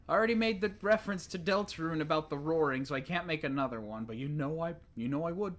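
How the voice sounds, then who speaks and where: Gamer rambling to themself while playing, jumpy and exasperated, middle pitch. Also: fast, few pauses. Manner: talks to self, excitable, exasperated. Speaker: let's play gamer. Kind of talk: casual game commentary.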